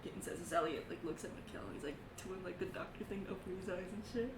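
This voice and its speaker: A woman narrating as game master of a tabletop game, excitable and laughing as she voices the characters. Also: fairly low pitch, quick pace, reverberant, distant mic, noisy background.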